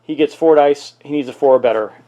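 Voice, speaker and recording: A man with a fairly high, warm voice talks fast as he hosts a solo playthrough of a tabletop miniatures game. He thinks out loud and exclaims at the dice rolls.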